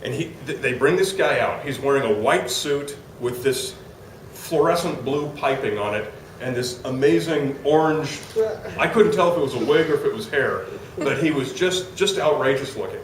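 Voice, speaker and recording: A man's voice: mid-range voice, moderate pace, recorded from a distance, slight background noise. Man telling a comic story in an echoey hall. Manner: animated, acts out quotes, laughs while telling. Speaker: storyteller on stage. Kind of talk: live comic anecdote. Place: conference hall, live audience.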